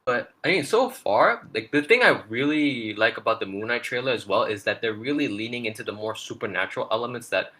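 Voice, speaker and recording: A man's voice: mid-range voice, animated, fairly quick, few pauses, bright, forceful tone. A man co-hosting a casual trailer breakdown, rambling with lots of fillers and restarts. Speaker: podcast co-host.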